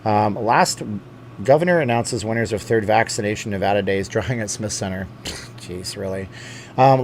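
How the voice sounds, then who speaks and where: A man's voice: lowish voice, a little hiss or hum. A middle-aged man hosting a casual livestream from home, reading chat and rambling with many restarts and asides. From lives in Las Vegas. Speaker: channel host reading live chat. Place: home room.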